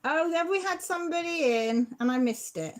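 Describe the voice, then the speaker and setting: A woman's voice: very high-pitched, expressive, normal speed. A middle-aged woman, hosting a casual livestream and chatting and teasing as she answers viewer comments. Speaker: channel host.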